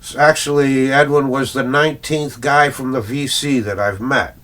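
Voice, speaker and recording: A man's voice: medium pitch, fairly even intonation, moderate pace, a bit bright. A middle-aged Canadian man, a record collector, chatting in a rambling casual vlog full of fillers and little chuckles.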